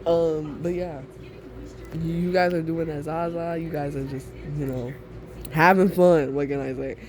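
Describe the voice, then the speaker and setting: A man's voice: on the high side, steady tone, measured pace, faint music behind. A young man casually telling a second-person listener story, rambling and giggly, with many fillers.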